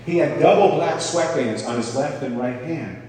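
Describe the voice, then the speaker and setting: A man's voice: a little high, expressive, moderate pace, darkish tone. Guy giving a casual sermon from far off the mic, big echoey hall, faint noise behind. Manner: conversational, checks in with "okay?". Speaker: pastor. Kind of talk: sermon teaching.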